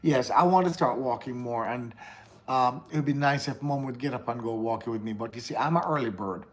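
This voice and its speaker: This livestream host, a man with a Jamaican accent, speaks fairly quickly in a mid-range voice. He chats candidly with viewers, replies to the live chat, and tends to repeat himself.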